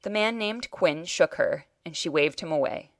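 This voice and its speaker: A woman's voice: deep voice, expressive, moderate pace, dry recording. A woman reading a first-person short story aloud with dry, wry storytelling. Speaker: reader.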